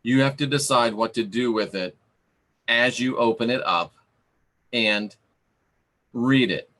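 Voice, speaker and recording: A man giving a livestream sermon, slow and emphatic, repeating his phrases for weight. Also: medium pitch, fairly bright tone. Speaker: preacher reading live chat.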